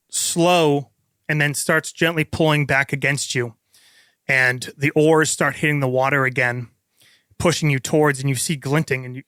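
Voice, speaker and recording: A man's voice: mid-range voice, sharp tone, dry recording, clean studio sound. A man narrating a tabletop game as game master, painting vivid scenes with casual fillers.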